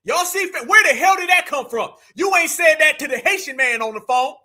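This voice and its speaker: High, bright, shouting male host. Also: animated, a little fast. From United States. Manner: loud, mocking, often shouting. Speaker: commentary show host. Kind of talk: live commentary rant.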